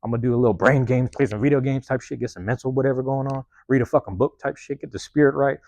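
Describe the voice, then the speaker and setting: A man's voice: mid-range voice, fast talker, a little mellow, no room sound. A man hosting a podcast alone, rambling in a casual, profane monologue and tagging lines with "man", recorded on a phone. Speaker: podcast host.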